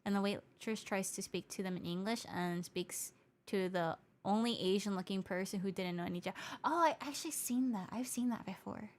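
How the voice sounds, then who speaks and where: Reading viewer comments on a casual livestream, this Hawaiian woman VTuber answers her chat, slides between English and Japanese within sentences, and patiently goes over her points again. She talks briskly in a mid-range voice.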